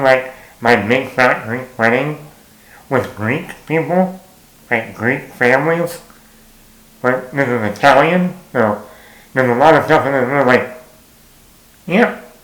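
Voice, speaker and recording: Guy rambling thru a movie review, lots of ums and you knows, jokey, mid pitch, roomy echo. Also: a bit bright. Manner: rambling, joking, full of fillers. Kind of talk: casual movie review talk.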